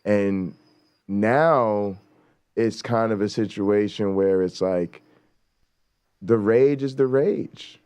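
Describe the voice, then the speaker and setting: A man's voice: fairly low pitch, slow pace, long pauses, darkish tone, clear, resonant tone. A man hosting a talk show in casual commentary, blunt and emphatic, swearing freely and often checking in with a rhetorical "right?".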